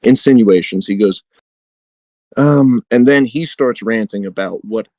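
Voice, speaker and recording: A man's voice: mid-range voice, a little slow, darkish tone, dry recording, highs cut off. A man co-hosting a podcast, chatting casually with many fillers and reading book passages aloud with light dramatic emphasis. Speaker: podcast co-host.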